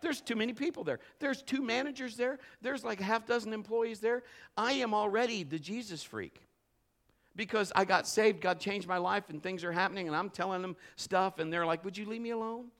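A man preaching and telling a personal story, animated, swinging from shouts to hushed storytelling. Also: sits high, moderate pace. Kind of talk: sermon with personal testimony.

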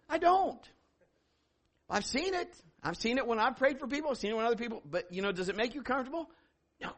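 Animated high-voiced male pastor preaching. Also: a little fast. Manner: animated, laughing, acting out quotes. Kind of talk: lively storytelling sermon.

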